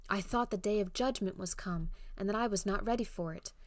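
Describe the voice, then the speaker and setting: A woman's voice: mid-range voice, brisk, dry recording, natural voice. A woman voicing a trembling, frightened man who tells of a terrifying dream in a fearful, urgent way.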